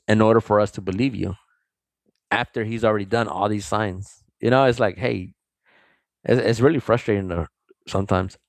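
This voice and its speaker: A man with a fairly low voice reads scripture aloud at a slow, careful pace, then breaks into relaxed commentary. His talk is loose and casual, full of "like" and quick restarts. The sound is dry and close, with no room echo. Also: creaky. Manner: reads verses slowly, then chats loosely with many likes and restarts. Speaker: Bible study vlogger. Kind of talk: casual Bible reading with commentary.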